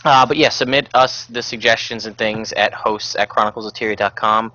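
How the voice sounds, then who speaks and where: A male podcast host with a low voice and a relaxed, rambling manner full of fillers. His tone is bright and forceful. The sound is dry and a little dull and lo-fi. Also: fairly quick. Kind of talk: casual podcast chat.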